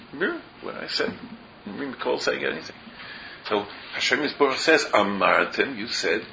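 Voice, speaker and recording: In this Torah class, a man with a medium-pitched, gravelly voice that sounds pushed and bright explains verses and often asks rhetorical questions. Hebrew and Yiddish terms are mixed into his English, and the recording is dull lo-fi with faint noise.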